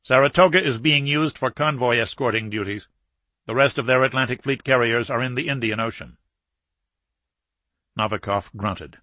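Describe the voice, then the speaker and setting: Male audiobook narrator, steady and measured, bright and forceful, close and dry. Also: mid-range voice, dry recording. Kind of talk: scripted narration.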